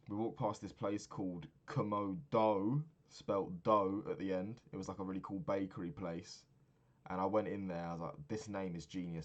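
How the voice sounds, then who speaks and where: A man in his twenties recapping a trip in a rambling, sweary, casual monologue, often laughing at his own stories. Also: low-pitched. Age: 20s. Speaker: vlogger.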